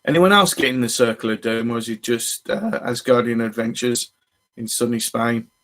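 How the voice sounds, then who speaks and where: A man's voice: mid-range voice, moderate pace, fairly bright tone. Chatty man on a live stream. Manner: rambling and chatty, greeting viewers as they arrive. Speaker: fishing channel host. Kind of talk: casual live stream chat.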